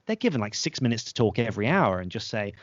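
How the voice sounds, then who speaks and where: Posh english guy rattling through stories fast, slightly muffled dry sound. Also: fairly low pitch, no room sound. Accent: posh southern English. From England. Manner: brisk, lively storyteller who acts out quoted voices. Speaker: podcast host as interview guest. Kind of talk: casual interview chat.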